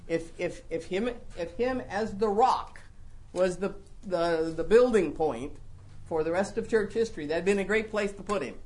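A woman with a fairly low voice delivers a Bible teaching to a gathered congregation. She talks conversationally, doubling words as she thinks and leaning hard on key points. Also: moderate pace. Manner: conversational, repeats words, lively emphasis. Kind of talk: sermon-style Bible teaching.

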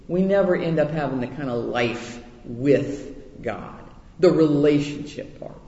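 A man's voice: a little high, unhurried, mellow. A man preaching a conversational sermon, chatty and self-deprecating, often restarting his words. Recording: echoey hall, dull muffled sound.

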